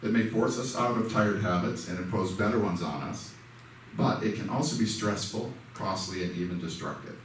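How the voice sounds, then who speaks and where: This lowish-voiced man speaks at normal speed, giving a relaxed lesson in a church sanctuary and weaving in personal stories. He jokes at his own expense and performs quoted lines, while a distant mic catches the hall's echo and faint noise.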